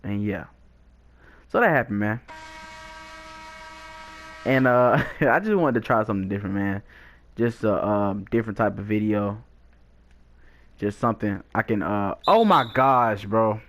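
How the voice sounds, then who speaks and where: A young man telling a lively, slangy storytime with frequent laughs, chatting while he plays a video game. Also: on the low side, measured pace, long pauses, slight background noise. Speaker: gaming YouTuber.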